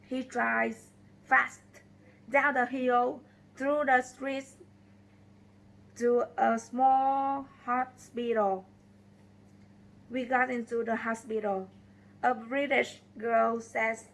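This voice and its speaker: A woman narrating a simple scripted story in slow, deliberate short phrases. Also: on the high side, level tone, creaky, a bit bright, rough recording. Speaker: storyteller for English learners.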